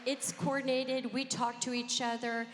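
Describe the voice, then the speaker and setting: A woman's voice: high voice, flat delivery, moderate pace. A woman from Kentucky with a Southern accent, speaking as a panelist, earnest and pleading. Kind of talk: convention panel talk. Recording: hall reverb.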